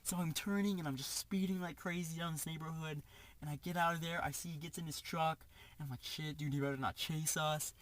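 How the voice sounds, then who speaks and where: A young man casually telling a story, animated, acting out the quotes, with lots of "like" as filler. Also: a little high, a little fast, no echo.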